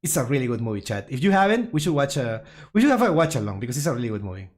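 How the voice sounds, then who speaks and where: Brief: lively, giggly streamer, bouncing pitch, chatty and self-mocking while reacting to chat. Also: very fast. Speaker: streamer reacting to viewer-suggested memes. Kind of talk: casual reaction commentary to chat.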